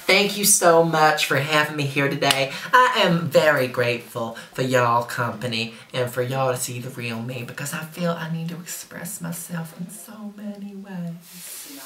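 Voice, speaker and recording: A crude, boastful trashy Southern mama, played by a woman in a comedy sketch. Her low voice still sounds bright and forceful. The room around her is echoey. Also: unhurried. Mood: mock-earnest. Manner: brash, crude, deadpan boasting. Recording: roomy echo.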